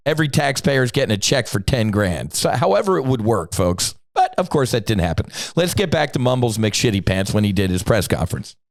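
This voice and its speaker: A man's voice: medium pitch, no room sound, clean studio sound. Blunt, profane man ranting. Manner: blunt, profane and combative, with sudden emphatic bursts. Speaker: podcast host. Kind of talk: opinionated podcast rant.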